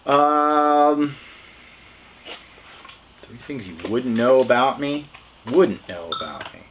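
A man's voice: medium pitch, expressive, slow, a little hiss or hum. A man, a guest on an interview show, chatting casually, rambling and laughing as he talks. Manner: rambling, laughing, swearing freely. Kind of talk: casual chat.

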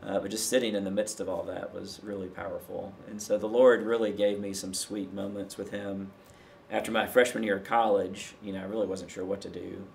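A man with a very low, gravelly voice tells a personal story as a podcast guest. He is from Tennessee and talks in a loose, conversational way, leaning on "you know" between thoughts. Faint noise sits under the recording. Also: a little fast, hardly any pauses. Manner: relaxed, many fillers like "you know".

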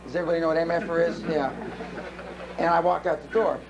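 A man with a high-pitched voice speaks at a seminar, brash and profane as he tells stories to the audience. A faint hiss of live-room noise sits under his voice. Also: steady tone, fast, muffled recording.

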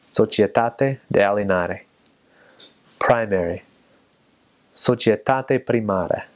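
Young guy talking real slow, kinda low voice, repeats words carefully. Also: fairly bright tone. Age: young adult. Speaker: returned missionary. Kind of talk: casual talk with vocabulary recitation.

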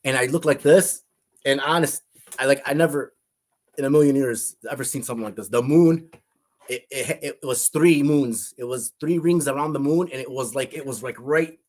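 A middle-aged man with a husky, breathy voice recounts a personal testimony. He speaks earnestly, circling back on his words and restarting sentences as he goes. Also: mid-range voice, a little mellow. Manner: earnest, repeats himself, frequent restarts. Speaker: guest sharing a testimony.

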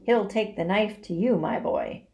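A woman voicing a bloated, sneering male rat with a husky, hoarse voice. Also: mid-range voice, a little slow, dark tone, slight background noise, lightly acted. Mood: gloating.

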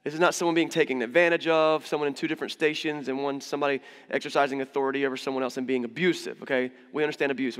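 A man preaching a sermon as pastor in a church, conversational and animated, acting out quoted voices. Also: mid-range voice. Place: church hall. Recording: long church reverb.

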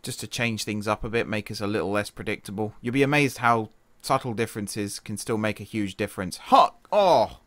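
A man streaming a football management game, giving chatty play-by-play, laughing at his own slips and sounding tired from an early start. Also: no echo. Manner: chatty, self-correcting, quick laughs, shifts from excited to low mutters. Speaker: gaming streamer. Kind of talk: casual game commentary.

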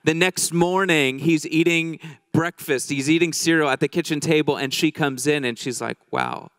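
A man's voice: on the high side, moderate pace, fairly bright tone, no echo, studio quality. A man preaching a sermon in a conversational, joking way, telling a story and acting out the people in it. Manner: conversational, joking, acts out quoted voices.

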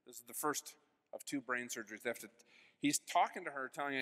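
Middle-pitched man in his fifties, keynote testimony in a big reverberant hall, earnest storyteller who swings from hushed to loud. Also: fast talker. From United States. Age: 50s. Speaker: keynote speaker. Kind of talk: personal faith testimony. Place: large convention hall.

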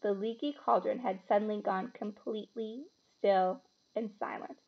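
A woman reading a children's book aloud with expressive, animated storytelling. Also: medium pitch, fairly quick, vocal fry, dull audio.

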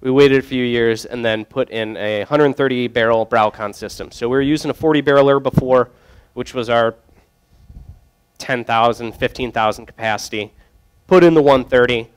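A man's voice: medium pitch, normal speed, smooth. A young man working as a brewery sales rep, telling loose, joking stories to a group with lots of fillers. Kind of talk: casual storytelling to a group.

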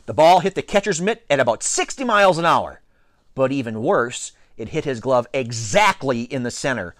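A man reading a children's book aloud as first-person narration, in an expressive storytelling manner. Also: medium pitch, moderate pace, dry recording, clean studio sound. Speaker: audiobook reader.

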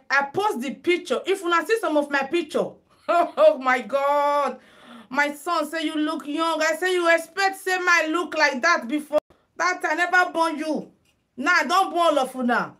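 Sitting high with a sharp tone, this Nigerian-accented voice belongs to a middle-aged Nigerian woman hosting a makeup and headwrap livestream on her phone. She keeps it casual, chatting with viewers in Pidgin-mixed English, addressing them as "my people" and tossing out sing-song calls in a chatty way.

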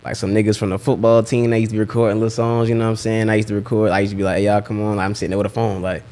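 A young man with a Southern US accent, a rapper telling stories in a relaxed, slang-filled way during a casual interview. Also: on the low side, very fast. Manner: laid-back slang-heavy storytelling. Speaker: rapper and guest.

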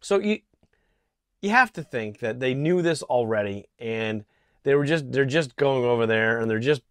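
A man from Connecticut giving an indignant political opinion monologue, halting and restarting often, clearing his throat from allergies. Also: mid-range voice, fairly bright tone, no room sound, clean studio sound. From Connecticut, USA. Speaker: political vlogger. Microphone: small camera mic.

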